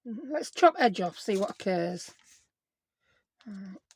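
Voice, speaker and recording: A woman's voice: medium pitch, sing-song, slow pace, a little mellow, breathy edge. A woman hosting a casual crafting vlog, chatty and self-deprecating, talking to herself as she works. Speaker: craft channel host.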